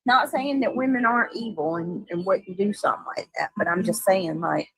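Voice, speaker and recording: A woman's voice: mid-range voice, brisk, husky, no room sound, low-quality recording. A woman co-hosting a livestream in casual chat, sarcastic, greeting chat viewers. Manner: sarcastic, reads out chat names.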